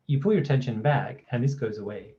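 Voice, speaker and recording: A man with an Australian accent presents a training course to camera, speaking fast in a medium-pitched, dark voice on dull audio. His explanations are conversational, often checking in with "right?" and "you know".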